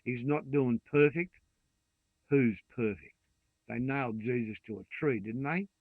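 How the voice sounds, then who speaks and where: A gravelly-voiced Australian man in his sixties delivers a vehement, expletive-laden rant, sitting at a middle pitch. The sound is thin and phone-like, with no room echo at all. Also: a little slow. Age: 60s. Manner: profane, ranting and vehement. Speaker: vlogger. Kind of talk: angry rant to camera. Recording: dry tinny phone-like sound.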